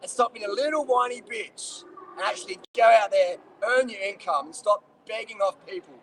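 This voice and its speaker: Aussie bloke vlogging, high voice, blunt sweary rant, bit of background noise. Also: male voice, normal speed, fairly bright tone, low-quality recording. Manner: blunt, profane, ranting. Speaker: cycling vlogger. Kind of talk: casual answering of viewer questions.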